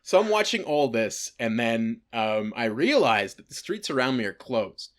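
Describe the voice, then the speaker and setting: A man's voice: medium pitch, sing-song, normal speed. A young man recounts a story in a casual podcast chat. He rambles along, piling up fillers and curse words. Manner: rambling with lots of "like" and swearing. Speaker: podcast co-host.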